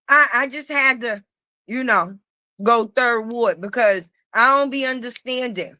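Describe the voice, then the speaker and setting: A high-pitched, bright-toned middle-aged woman lays into her target in a profane livestream rant. She taunts and repeats herself, close to the mic in a dry room. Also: no room sound. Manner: confrontational, repetitive taunting. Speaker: livestream commentator.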